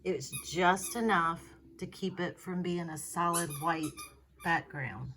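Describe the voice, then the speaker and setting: A woman narrates her craft vlog in a chatty, gushing way. Her voice sits a little low. She speaks slowly and without hurry. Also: a bit bright, a little hiss or hum. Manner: gushing, chatty, slow-spoken. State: out of breath. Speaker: fluid art painter.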